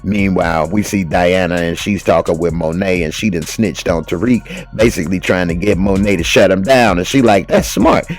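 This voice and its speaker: A man giving a casual, slangy recap of a TV episode, telling the story with animated delivery and acting out the characters' lines. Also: low voice, moderate pace, few pauses, soft background music. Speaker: TV recap host.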